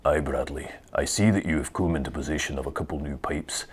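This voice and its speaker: A man putting on a deliberately bad Scottish accent as he reads a listener's letter aloud, slow and hammy. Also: rumbling low, husky, voice pushed down. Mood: mock solemn. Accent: put-on Scottish, badly done.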